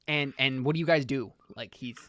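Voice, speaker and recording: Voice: mid-range voice, brisk, background noise. A player narrating a scene in a tabletop role-play, rambling along with many "like"s.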